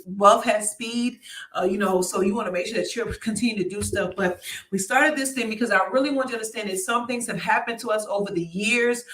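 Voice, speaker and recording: A woman's voice: mid-range voice, fairly quick, reverberant, distant mic. A woman hosting a live online show, giving a motivational talk in a chatty way and often turning to her audience. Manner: lively and chatty, keeps turning to the audience with "y'all" and "right?".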